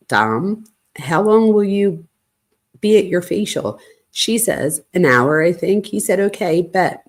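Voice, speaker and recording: A woman with a lowish voice takes it slowly as she reads text messages aloud, flatly and casually, for her true crime channel. She's at home at night and occasionally interrupts herself to calm her dog, which is barking.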